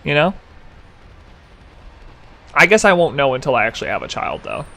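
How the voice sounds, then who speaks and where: Animated young man streaming casually. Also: a little high, moderate pace, gravelly. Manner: rambling, jokey, reads chat aloud. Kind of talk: casual live-stream chat.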